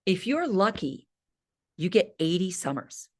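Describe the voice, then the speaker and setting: A woman's voice: fairly low pitch, unhurried. Emphatic woman in her late fifties coaching. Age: 50s. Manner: energetic, emphatic, frequent "right?" tags. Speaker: fitness coach. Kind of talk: motivational talk to a class.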